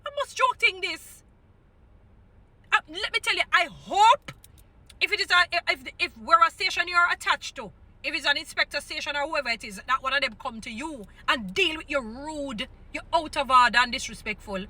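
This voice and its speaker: Scolding Jamaican woman, very bright voice. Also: high voice, normal speed. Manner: scolding, indignant, repeats her points. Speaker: commentator. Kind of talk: ranting commentary.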